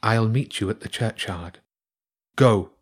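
A man voicing a calm, brave black and white cat in a storybook, speaking smoothly. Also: lowish voice, slow.

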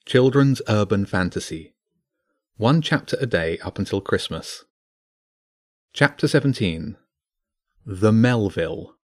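A man's voice: fairly low pitch, unhurried, pauses often, no echo, studio quality. A man narrating a children's fantasy book, voicing each character. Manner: expressive, voices each character.

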